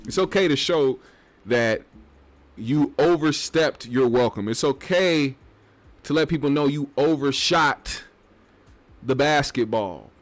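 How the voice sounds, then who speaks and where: A man's voice: mid-range voice, takes it slowly, long pauses. A man hosting a casual commentary show, talking in a loose, rambling and profane way. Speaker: host.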